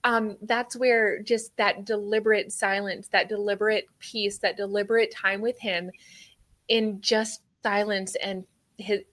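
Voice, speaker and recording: A woman hosting a faith-based podcast, talking in an earnest, animated way with plenty of fillers. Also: medium pitch, a little slow. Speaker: podcast host.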